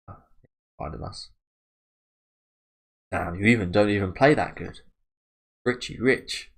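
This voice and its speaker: Young man, British accent, very low pitch, casual rambling reaction commentary, self-mocking. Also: gravelly. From Britain. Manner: loose and rambling, swears often, laughs at himself. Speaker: manga reaction YouTuber.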